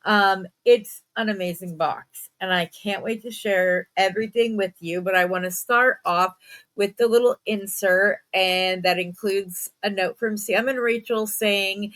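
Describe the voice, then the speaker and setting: A woman's voice: mid-range voice, fairly even intonation, unhurried, a bit bright. A woman with a stuffed-up voice hosting a casual bead unboxing, chatty with frequent ums and little self-mocking laughs. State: stuffed up, lower energy. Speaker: beading channel host.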